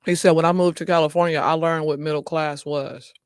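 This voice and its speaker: Brief: higher-pitched male host, chatty, laughs a lot, reads comments to the camera. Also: flat delivery, brisk, clean tone, no echo, clean studio sound. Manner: chatty, laughs often, talks to viewers directly. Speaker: show host. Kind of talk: casual chat, reading viewer comments aloud.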